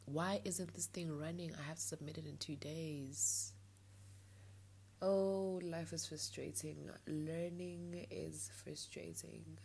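A woman's voice: low voice, fairly even intonation, slow, gravelly, a little hiss or hum. A young woman hosting her own podcast, talking candidly and a little frustrated late at night, with a blocked nostril. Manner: candid, frustrated, ranting with soft laughs. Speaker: podcast host. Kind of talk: late-night personal monologue.

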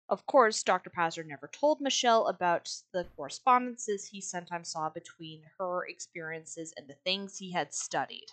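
A woman's voice: lowish voice, moderate pace, hardly any pauses, a bit bright, no room sound. Blunt, sarcastic woman podcast co-host. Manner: blunt, sarcastic, swears freely. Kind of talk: casual podcast chat, reading quotes aloud.

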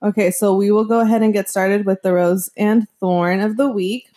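A woman co-hosting a podcast in relaxed, easygoing chat. Her voice sits at an ordinary middle pitch. She strings her thoughts together loosely, with plenty of "like" fillers. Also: moderate pace. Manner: chatty, lots of "like" fillers. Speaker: podcast co-host. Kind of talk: casual chat.

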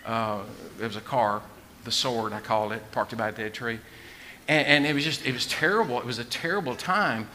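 A middle-aged man preaching a sermon in a folksy, joking way, dropping to a hush and rising to a shout. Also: medium pitch, a little fast, slight background noise. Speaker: pastor.

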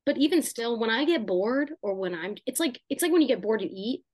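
A woman's voice: fairly high pitch, animated, fairly quick, darkish tone, no room sound. A young woman co-hosting a podcast, talking casually with lots of fillers and asides. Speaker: podcast co-host. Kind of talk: casual chat.

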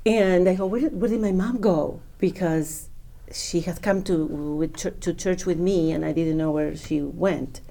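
Woman, low mellow voice, heartfelt testimony that acts out the dialogue. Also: measured pace, vocal fry, hardly any pauses. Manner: emotional, animated, acts out dialogue. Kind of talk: personal conversion story.

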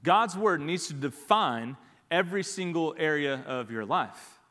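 A man's voice: a little high, animated, measured pace, pushed and bright, long reverb tail. A man preaching a sermon as pastor, emphatic and repeating his key phrases.

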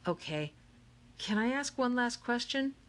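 A woman's voice: on the high side, expressive, a little slow, pitched above the performer's own voice. A woman voicing a clever, easygoing teenage boy who talks in a casual, matter-of-fact way.

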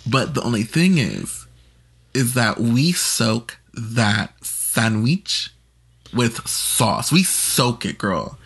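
A man's voice: medium pitch, very slow, gravelly, breathy edge. A man co-hosting a podcast, chatting casually and telling food stories with playful energy. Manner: animated, playful storyteller. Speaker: podcast co-host. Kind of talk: casual chat.

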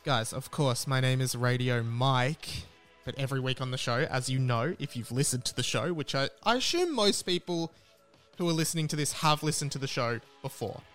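A man's voice: mid-range voice, normal speed, fairly bright tone, faint music behind. A man, hosting a solo podcast in a rambling, self-deprecating, chatty way. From Australia. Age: 20s. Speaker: podcast host.

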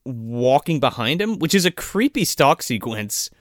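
A man's voice: mid-range voice, measured pace, dry recording, clean studio sound. A man casually recapping a movie plot, swearing freely and acting out lines from the film. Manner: profane, animated retelling with quoted character voices. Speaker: podcast co-host.

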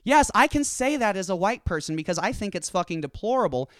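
Animated, profane comedian man. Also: a little fast, no echo, studio quality. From Southern United States. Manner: profane, animated, swinging between loud outbursts and low asides. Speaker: comedian and podcast host. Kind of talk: stand-up comedy rant.

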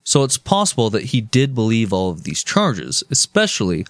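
A man's voice: fairly low pitch, wildly swooping pitch, moderate pace, fairly bright tone, dry recording, studio quality. A man hosting a casual podcast, telling history in a profane, jokey way. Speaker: podcast host.

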